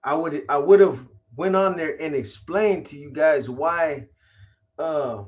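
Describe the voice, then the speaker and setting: Slangy man shouting out live viewers. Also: on the high side, slow pace. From California. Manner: rambling, shouting out viewers by name; profane, street slang. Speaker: live stream host. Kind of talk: casual live-stream chat.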